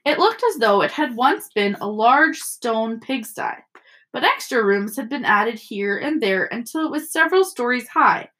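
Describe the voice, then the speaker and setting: A woman teacher reading a novel aloud to children, expressive and storytelling. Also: a little high, normal speed, a little hiss or hum. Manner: expressive storytelling with character voices.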